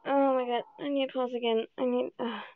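A young woman plays a horror game, nervous and trash-talking, sighing and pleading between jump scares in frightened commentary. Her high voice is smooth, a little fast, with little pitch movement, captured as a tinny, phone-mic screen recording.

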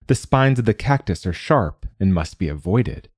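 A man voicing a calm, sharp-tongued young male novice monk who answers in quiet, cool retorts. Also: fairly low pitch, normal speed, slightly rough, no room sound, clean studio sound. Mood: dry.

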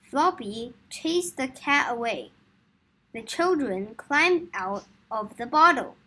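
Slow, high, breathy woman storyteller. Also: expressive, bright, forceful tone. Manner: slow, clear, careful reading. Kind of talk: reading a children's story aloud for English learners.

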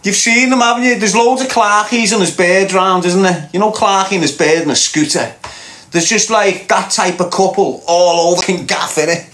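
On his livestream, a man from Liverpool with a Scouse accent picks out viewer comments, reads them aloud and pokes fun at them, laughing frequently and answering the chat directly. He has a high, fairly bright voice and keeps a moderate pace.

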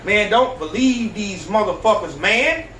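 Casual high-voiced guy ranting loud and profane, roomy echoey sound. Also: unhurried, recorded from a distance, slight background noise. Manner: animated, profane ranting with laughs. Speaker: podcast host. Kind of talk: profane reaction commentary.

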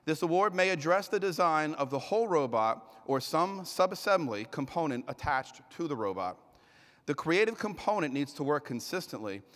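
A man emceeing an award ceremony on stage, announcing loudly and energetically, with the occasional slip and self-correction, heard through an echoing arena sound system. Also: on the high side.

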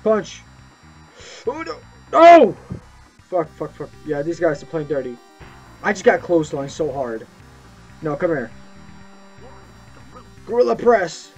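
Excitable young man yelling over gameplay. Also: a little high, measured pace, pauses often, breathy edge. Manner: excitable, yelps and swears at the game. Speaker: gameplay streamer. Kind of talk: gameplay commentary. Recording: muffled lo-fi mic with game music.

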